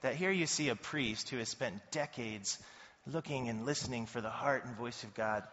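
Man, pastor, conversational sermon, forceful tone, reverberant hall, muffled sound. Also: medium pitch, normal speed. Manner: conversational and animated, acting out quoted voices. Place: church hall.

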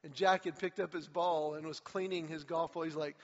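A pastor with a fairly high voice delivers a sermon built on storytelling, speaking a little fast and acting out quotes with rising energy as an animated storyteller. The audio is slightly muffled, with a long reverb like that of a large church sanctuary.

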